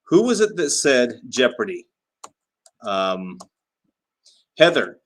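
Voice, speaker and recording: A man's voice: mid-range voice, very animated, slow pace. A man hosting a casual livestream, chatting and reading out viewer comments with frequent fillers and laughs. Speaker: livestream host.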